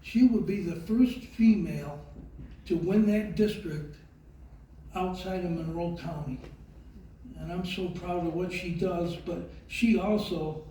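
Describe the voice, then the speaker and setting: Older man giving a slow, heartfelt speech in an echoey hall. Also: sits high, mellow, far from the mic, slight background noise. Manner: slow, halting, heartfelt, with many fillers. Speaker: award recipient giving a speech. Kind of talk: speech with a personal story. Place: large event hall.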